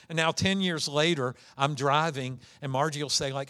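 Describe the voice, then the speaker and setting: A man's voice: a little high, steady tone, moderate pace, few pauses, sharp tone. A man preaching a conversational sermon, telling stories and stressing key words. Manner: conversational, storytelling with dynamic emphasis. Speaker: pastor.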